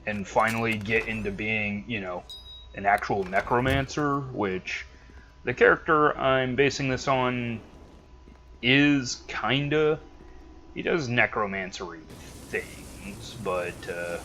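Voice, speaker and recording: A man's voice: mid-range voice, takes it slowly, bright, forceful tone, a little hiss or hum. A man casually commentating his gameplay with dry jokes. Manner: casual, joking. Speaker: let's play host.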